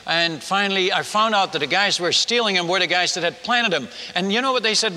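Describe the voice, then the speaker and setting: A man's voice: sits high, fast, few pauses. An older man, a missionary preacher, telling a story in a sermon and acting out the people he quotes. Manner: animated, acts out quoted villagers. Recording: reverberant hall.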